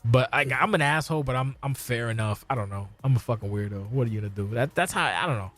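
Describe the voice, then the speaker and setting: A man's voice: mid-range voice, fast talker, a bit bright, soft background music. A middle-aged man hosting a podcast, talking bluntly and profanely in casual chat, ranting about how he works with people. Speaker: podcast host.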